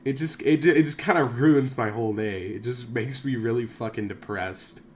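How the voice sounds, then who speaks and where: A man's voice: medium pitch, normal speed, a little mellow, slight background noise. A young man rambling casually to camera, swearing often, drifting off topic and poking fun at himself. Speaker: YouTuber.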